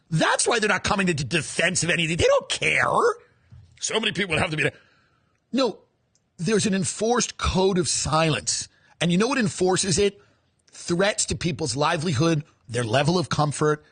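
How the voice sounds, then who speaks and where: A man's voice: high-pitched, sing-song, normal speed, pushed and bright, husky, no echo. A man delivering a sarcastic, profane comedic rant full of heated rhetorical questions.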